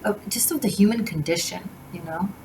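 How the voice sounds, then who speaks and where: A woman's voice: medium pitch, a little fast, a little mellow, a little hiss or hum, poor audio. A woman doing a tarot reading to camera, talking in a gushing, rambling way with many restarts. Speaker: tarot reader. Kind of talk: casual spiritual reading to camera.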